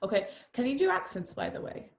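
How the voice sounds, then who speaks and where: A woman's voice: on the high side, huge pitch swings, a little fast, reverberant. A woman with an English accent and a slight Canadian tinge, interviewing in a chatty, encouraging way. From England. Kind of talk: casual video-call interview.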